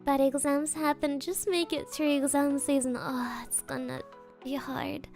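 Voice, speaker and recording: High-voiced woman streamer, faint music. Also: flat delivery, measured pace, gravelly, darkish tone. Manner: bouncy and playful, sprinkles Japanese words. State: sniffly after crying. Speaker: VTuber streamer. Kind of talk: casual livestream chat, reading donations.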